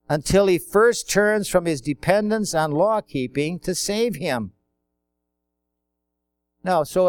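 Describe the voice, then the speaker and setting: A man with a high, smooth voice preaches a sermon. He keeps it conversational, asking rhetorical questions and acting out the quotes he tells. The sound is dry and close. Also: no room sound.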